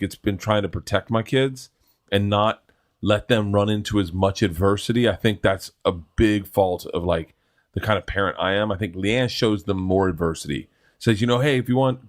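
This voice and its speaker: A middle-aged man, a guest in a casual chat, telling a story in an animated, rambling way with many restarts. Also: fairly low pitch.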